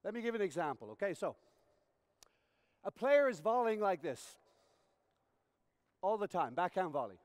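High-voiced man lecturing in a hall. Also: very animated, normal speed, long pauses. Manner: explains by acting out examples, often checks in with "okay?". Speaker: tennis coach educator. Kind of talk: conference lecture with demonstrations. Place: conference hall. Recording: reverberant hall recording.

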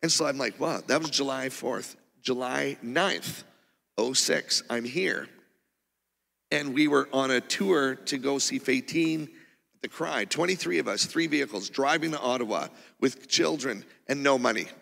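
A man preaching a testimony in a church auditorium, his voice gravelly and edged with a bright, forceful tone. He rambles excitedly through the story, circling back and restarting as he goes, while a long hall reverb trails behind each phrase. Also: mid-range voice, unhurried. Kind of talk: testimony sermon.

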